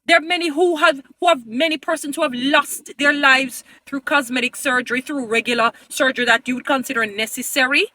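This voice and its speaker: A woman's voice: sits high, a little fast, hardly any pauses, pushed and bright, slight background noise. A woman giving an emphatic, pleading opinion commentary to her viewers, often turning preachy. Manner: addresses viewers as "beautiful people". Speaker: vlogger.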